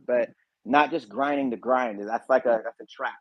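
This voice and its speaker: A man's voice: mid-range voice, steady tone, brisk, breathy edge, no echo, lo-fi sound. A man hosting a casual livestream, chatting straight to viewers in a laid-back, slangy way. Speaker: YouTube reaction channel host.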